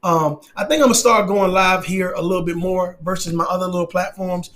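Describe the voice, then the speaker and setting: Male commentary host, emphatic and preachy delivery, profane, higher-pitched voice. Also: fairly even intonation, brisk, a bit bright. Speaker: channel host. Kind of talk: casual commentary.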